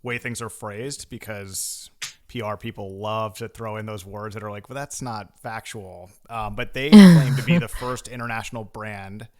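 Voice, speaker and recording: A man's voice: on the low side, moderate pace, darkish tone. A man co-hosting a podcast in casual chat, rambling and laughing easily as he talks. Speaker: podcast co-host.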